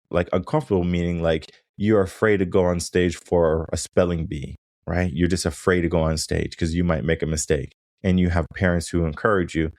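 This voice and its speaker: A man's voice: low voice, moderate pace, darkish tone, no echo, clean studio sound. A man hosting his own coaching podcast, talking casually and often checking in with "right?". He livens up when acting out things he or others say. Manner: casual, conversational, frequent "right?" tag questions. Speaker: podcast host and mindset coach. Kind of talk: solo podcast monologue.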